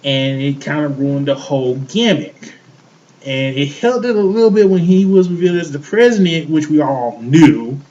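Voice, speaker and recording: A man's voice: a little high, moderate pace, mellow, muffled recording. A man co-hosting a show, ranting in heated casual chat, swearing often and repeating himself. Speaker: podcast co-host.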